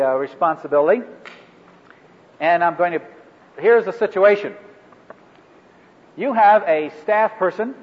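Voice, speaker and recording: Man teaching in an echoey hall. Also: sits high. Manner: halting, many fillers and restarts. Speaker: ministry training instructor. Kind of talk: workshop teaching to a live group. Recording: echoey hall over a phone-like line.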